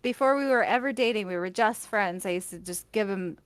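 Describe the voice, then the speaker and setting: A woman's voice: mid-range voice, fairly quick, dry recording. A young woman telling stories in a casual chat, laughing often as she talks. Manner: chatty storyteller, laughs often.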